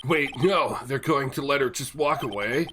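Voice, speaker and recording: A man's voice: mid-range voice, moderate pace, background noise. A man hosting a game playthrough, reading the dialogue aloud in silly, ad-libbed voices. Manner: jokey, ad-libbing, switches into silly voices. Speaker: let's play host reading game dialogue. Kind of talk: playful voice-acting of game text. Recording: game music playing under the talk.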